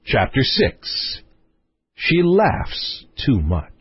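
A man narrating a fairy tale in an expressive storytelling way. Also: medium pitch, drawn-out words, breathy edge, no echo. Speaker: audiobook narrator. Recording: dry, slightly dull recording.

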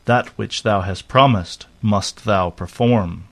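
A man voicing a stern, fatherly older king in a storybook reading, measured and commanding. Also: on the low side, vocal fry, fairly bright tone, heavily acted. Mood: firm.

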